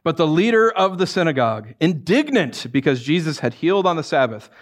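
A man preaching a sermon as pastor, conversational and animated, with many fillers and restarts and wry asides. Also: on the high side, brisk. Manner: swings into acted quotes and wry humor.

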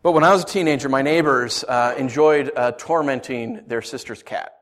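A man preaching a sermon, swinging from hushed lines to emphatic ones and asking rhetorical questions. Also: medium pitch, moderate pace. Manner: rhetorical questions, storytelling asides. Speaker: pastor.

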